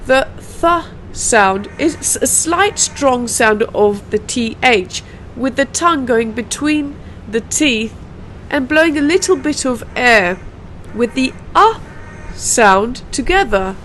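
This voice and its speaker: A woman with a British accent teaching English pronunciation, slowly drilling words and sounds one at a time. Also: sits high, expressive, a bit bright, slight background noise, rough recording. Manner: slow, carefully drilled pronunciation with repeated sounds. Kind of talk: pronunciation lesson.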